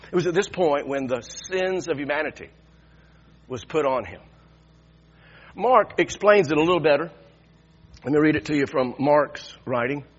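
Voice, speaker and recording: A man preaching a sermon in an animated way, swinging from hushed asides to loud, stretched-out emphasis. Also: fairly high pitch, slightly rough, dull audio. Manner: animated, swings from hushed to loud, acts out the crowd's mocking laughter.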